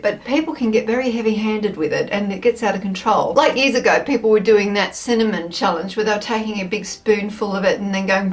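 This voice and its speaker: Chatty woman with a bright, high voice. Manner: chatty, expressive, thinks aloud; playful, with frequent laughs. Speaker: food taste-test vlogger. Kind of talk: casual chatty taste test.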